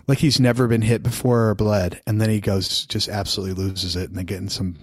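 A man co-hosting a podcast, casually telling stories and acting out imagined movie scenes with animated delivery. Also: lowish voice, fast, breathy edge, no echo, studio quality. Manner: animated storytelling, acts out scenes. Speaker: podcast co-host. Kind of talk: casual film discussion.

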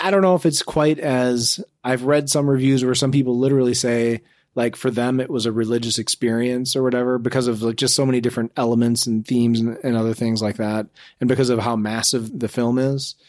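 A thoughtful man speaks as a podcast co-host in a measured, even way. His voice sits in a middle register. It is recorded close and dry, with no room echo. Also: mid-range voice. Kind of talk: casual movie review chat.

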